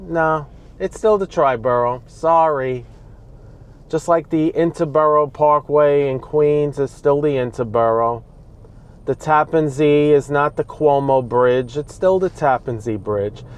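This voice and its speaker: A man from the Bronx with a New York accent, ranting in a vlog while he drives and talking back at the traffic around him. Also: mid-range voice. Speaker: vlogger. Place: inside a car on city roads. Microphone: dash-mounted camera. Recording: faint road noise inside a car. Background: traffic and street noise.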